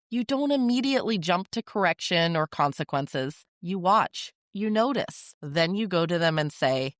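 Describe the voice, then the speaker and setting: A woman hosting a parenting podcast, giving measured, reassuring instructional talk. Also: lowish voice, no echo, studio quality.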